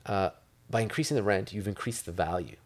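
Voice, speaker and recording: Low-voiced man telling a rambling story. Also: brisk. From Italy. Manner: rambling, storytelling with filler words. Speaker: interview guest, real estate investor. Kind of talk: casual interview talk.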